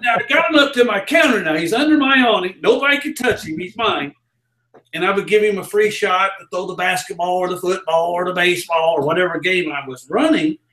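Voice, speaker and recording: Guest storyteller: man, high voice, lively delivery, echoey room. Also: a little fast. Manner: lively, acts out the quoted lines. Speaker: interview guest. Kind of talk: animated storytelling in a live interview.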